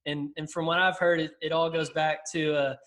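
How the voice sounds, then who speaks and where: A man's voice: a little high, level tone, normal speed, fairly bright tone. A young man co-hosting a podcast, asking the coach a rambling question in casual chat. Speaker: podcast co-host.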